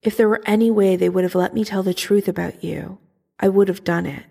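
A woman's voice: mid-range voice, steady tone, fairly quick, gravelly, mellow. A woman voicing a young male soldier writing an earnest, yearning love letter, in a fan fiction audiobook reading. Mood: tender.

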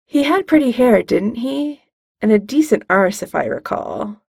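Storybook lead: a jittery young man on a first date, read by a woman, gravelly and dry. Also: fairly high pitch, lively intonation, darkish tone, no room sound, exaggerated voice. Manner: nervous, quick, self-conscious. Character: nervous young wizard man, awkward and teasing.

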